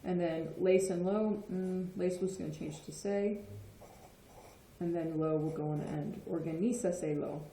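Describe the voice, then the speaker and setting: Teacher type: woman, low-ish mellow voice, patient explainer, roomy echo. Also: steady tone, unhurried, a little hiss or hum. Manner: patient, checks in with frequent "okay?". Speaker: Spanish teacher. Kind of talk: explanatory lesson. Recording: echoey room.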